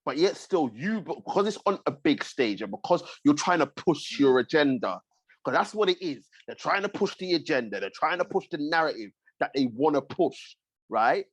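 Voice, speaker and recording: A man talks emphatically on a podcast and hammers each point by saying it again and again. His voice is slightly high, and the sound is dry and close. "Bruv" ends many of his sentences. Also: animated, normal speed, slightly rough, no echo. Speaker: podcast co-host. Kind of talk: heated casual chat.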